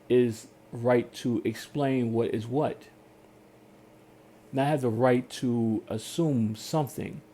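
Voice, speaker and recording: A man's voice: mid-range voice, slight background noise. A man telling a story in a casual rant, acting out customer service calls in different voices. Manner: animated storytelling, acts out phone calls in voices. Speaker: podcast host.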